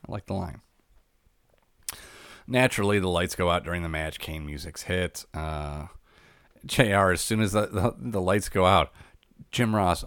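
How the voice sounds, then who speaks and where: Deep-voiced man recapping in casual chat. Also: normal speed, a bit bright, clear, resonant tone, no echo, studio quality. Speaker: podcast co-host recapping wrestling.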